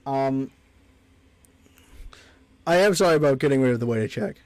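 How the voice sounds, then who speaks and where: Chatty male game streamer, lively voice. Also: medium pitch, normal speed, no room sound. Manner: chatty, reads game text aloud. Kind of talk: casual gameplay commentary.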